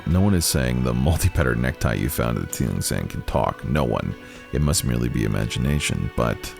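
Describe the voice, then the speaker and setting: A man's voice: extremely low pitch, sing-song, normal speed, vocal fry, darkish tone, soft background music. A man hosting a let's play, reading a game's dialogue aloud and musing between lines. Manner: musing, reads all parts with shifting voices. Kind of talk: reading game dialogue aloud while playing.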